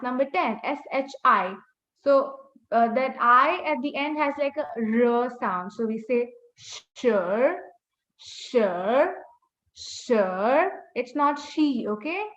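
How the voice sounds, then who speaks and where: Woman teacher on a webinar: high voice, unhurried patient drilling, echoey, dull call audio. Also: sharp tone. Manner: slow, patient drilling with repeated corrections. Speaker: language teacher. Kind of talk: online class teaching. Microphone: video call.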